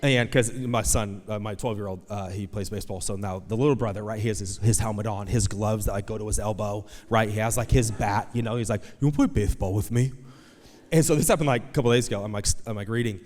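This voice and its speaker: A male pastor preaching a sermon with animated storytelling, acting out voices and swinging between soft asides and loud shouts. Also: lowish voice, fast talker, few pauses, long reverb tail. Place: church auditorium.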